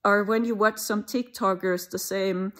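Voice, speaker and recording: A woman's voice: medium pitch, fairly even intonation, measured pace, a bit bright. German-accented woman vlogging, loose rambling chat, dry little asides. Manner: rambling, conversational, with mocking asides. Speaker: spiritual channel host. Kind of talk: casual spoken monologue.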